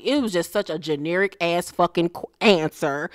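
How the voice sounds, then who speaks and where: Woman, 40s, low-pitched voice, dry close sound, sassy and profane recap vlogger. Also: animated, normal speed, few pauses, a bit bright, smooth, no room sound. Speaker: vlogger recapping a reality show. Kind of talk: casual recap commentary.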